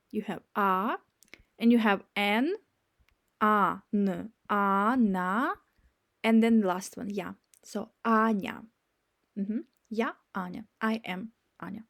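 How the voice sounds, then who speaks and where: A woman's voice: mid-range voice, a bit bright. A woman teaching a beginner language lesson, spelling out words and checking in with "yeah?" after each point. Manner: spells out and repeats words slowly.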